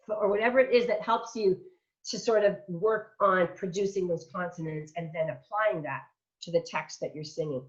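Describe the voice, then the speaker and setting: A middle-aged woman giving a vocal masterclass, chatty and demonstrative, who sounds out example words as she explains. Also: mid-range voice. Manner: chatty, warm teaching asides. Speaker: vocal coach. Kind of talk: online masterclass teaching. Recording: dull lo-fi online audio.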